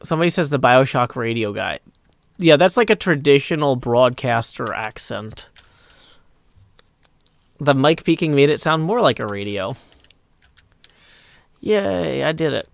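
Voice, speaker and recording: A man's voice: medium pitch, animated, normal speed, creaky, long pauses, dry recording. Rambling male live streamer. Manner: rambling, reads chat aloud and answers. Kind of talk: casual live-stream chat. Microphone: desk mic that clips when loud.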